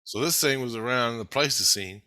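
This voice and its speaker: A man with a bright, forceful voice, talking straight to camera. He rambles and swears freely, and he is excitable. He laughs easily as he goes. The sound is dry, with no room echo. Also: medium pitch, normal speed. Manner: laughs often while talking.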